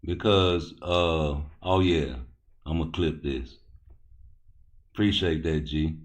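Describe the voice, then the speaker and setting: A man's voice: low voice, takes it slowly, long pauses. A man hosting a live boxing talk stream, rambling loosely and cursing as he answers his chat. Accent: Baltimore. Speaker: boxing talk show host.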